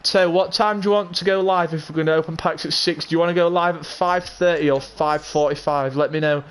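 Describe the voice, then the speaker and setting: A man chatting casually on a live game stream, excitable and calling out viewers by name to ask their opinions. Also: on the high side, a little fast, clear, resonant tone. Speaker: gaming livestreamer.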